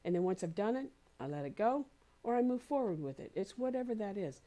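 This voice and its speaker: A woman minister giving a sermon, gentle and encouraging, slowly repeating phrases for emphasis. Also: mid-range voice, lively intonation. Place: spiritual community center.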